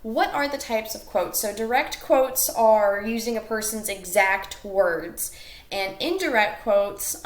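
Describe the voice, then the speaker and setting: A woman's voice: fairly high pitch, roomy sound. A woman teacher talking through a recorded class lesson step by step, with fillers and self-corrections.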